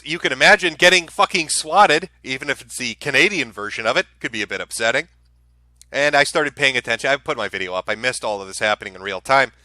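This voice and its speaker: A man's voice: a little high, pushed and bright, no room sound. A man hosting a live stream, giving casual commentary in a sarcastic, profane, ranting way. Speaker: streamer host.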